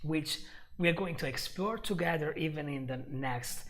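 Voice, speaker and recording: A man's voice: on the high side, normal speed, fairly bright tone. A man teaching a live online English lesson, often repeating himself and checking in with "right?".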